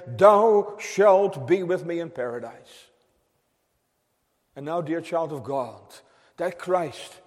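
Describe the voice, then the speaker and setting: A man preaching a sermon to his congregation, slow and emphatic, drawing out phrases and dropping suddenly quiet. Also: high-pitched. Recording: long hall reverb.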